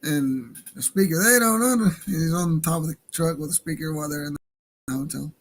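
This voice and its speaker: A man hosting a radio livestream in casual, rambling talk with loud laughing outbursts. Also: fairly high pitch, a little fast. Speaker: radio show host.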